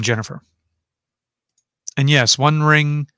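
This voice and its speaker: A man's voice: mid-range voice, fairly even intonation, takes it slowly, long pauses, pushed and bright, no echo, studio quality. A man hosting a casual livestream from home, chatting and rambling as he reads out viewer comments and answers them.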